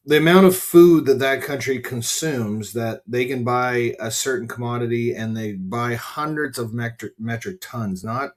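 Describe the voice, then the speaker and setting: Rambling, frank middle-aged farmer man. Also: mid-range voice. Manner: rambling, frank, swears casually, talks to viewers by name. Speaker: farmer and podcast host. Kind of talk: casual livestream chat.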